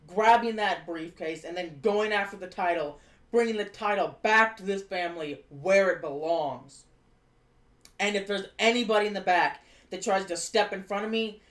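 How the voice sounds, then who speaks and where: A boastful, scheming wrestling faction boss, as a streamer puts him on in a recap. The impression stays close to an everyday voice at a middling pitch. A roomy echo hangs around the voice. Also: lightly acted.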